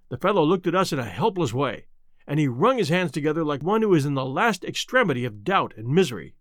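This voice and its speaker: Expressive male audiobook narrator. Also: a little high, fast, no room sound, studio quality. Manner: expressive, dramatic reading. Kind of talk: scripted narration.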